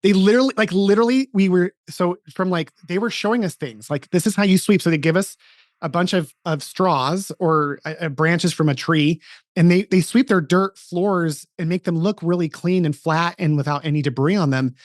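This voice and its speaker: A man's voice: high-pitched, normal speed, dry recording. Earnest man telling a story, dry sound. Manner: earnest storytelling with many restarts. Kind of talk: casual interview chat.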